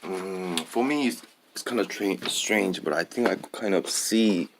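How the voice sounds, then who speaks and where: A man's voice: low voice, measured pace, vocal fry, a little hiss or hum. A man talking in a rambling, hesitant monologue, full of fillers and tag questions.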